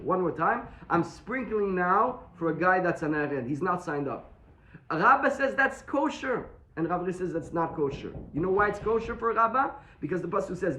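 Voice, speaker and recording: A man's voice: sits high, a bit bright, roomy sound, slight background noise. A man teaching a daily Talmud class to students, explaining step by step and answering his own questions. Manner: explains step by step, repeats points and asks rhetorical questions.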